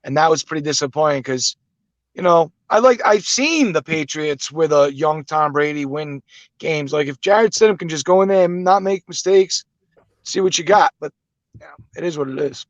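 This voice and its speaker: A man's voice: on the high side, normal speed, dry recording. Dull-miked man rambling about football. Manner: rambling, filler-heavy analysis. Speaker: podcast co-host. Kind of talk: casual sports chat. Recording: dull dry mic.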